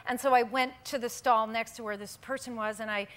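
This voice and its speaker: A woman in her fifties, a talk show guest telling an animated story and laughing often in a TV studio. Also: on the high side, brisk. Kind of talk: late-night interview chat. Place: television studio.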